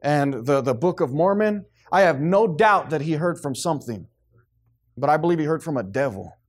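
A man's voice: fairly high pitch, normal speed. A man preaching a sermon to a congregation, acting out the voices of the people he quotes. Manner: animated, acts out quoted voices, responsive amens from congregation.

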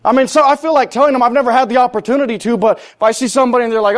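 High-voiced preacher giving an emphatic sermon. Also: male voice, fairly even intonation, racing, few pauses. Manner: emphatic, rising to loud peaks; plain-spoken, repeats lines for stress.

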